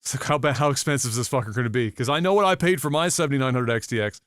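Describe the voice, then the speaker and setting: Animated, profane podcast storyteller man. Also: medium pitch, very fast, smooth, no room sound, clean studio sound. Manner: animated, profane, acts out his own reactions. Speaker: podcast co-host.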